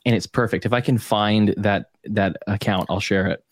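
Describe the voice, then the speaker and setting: A man's voice: fairly low pitch, fairly even intonation, moderate pace. A man hosting a podcast, chatting casually in a rambling, jokey way and laughing often. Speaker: podcast host.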